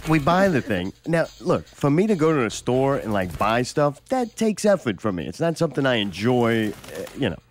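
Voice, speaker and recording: A man's voice: mid-range voice, sing-song, normal speed, few pauses. A man hosting a radio show, telling a long, profane story in casual banter and often laughing as he talks. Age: adult. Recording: loud crowd behind. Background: crowd chatter.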